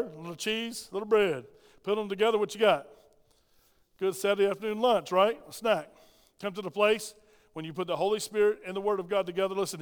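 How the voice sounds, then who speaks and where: A middle-aged man preaching a sermon in a church, lively and conversational, swinging from soft asides to loud emphatic bursts. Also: sits high, clean tone. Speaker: pastor. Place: church sanctuary. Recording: long hall reverb.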